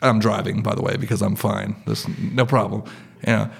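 A man's voice: lowish voice, little pitch movement, moderate pace, gravelly, husky. A man in his thirties or forties telling a personal story live, in a loose, conversational way full of fillers.

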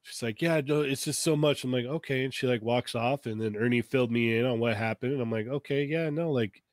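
Male friend in casual chat, mid-pitch, relaxed, dry mic. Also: fast, no room sound. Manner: jumps in to add his side of the story, relaxed.

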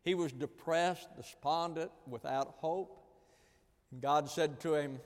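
A man preaching a sermon, earnest and repetitive, swinging from loud emphasis to hushed lines. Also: on the high side, slow. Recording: long reverb of a large hall.

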